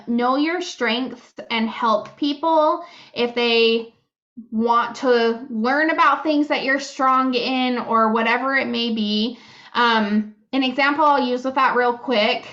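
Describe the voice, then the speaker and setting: A woman's voice: on the high side, takes it slowly, fairly bright tone, lo-fi sound. A woman co-hosting a podcast, talking candidly and casually, swearing freely and giggling now and then. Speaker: podcast co-host. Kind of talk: casual chat.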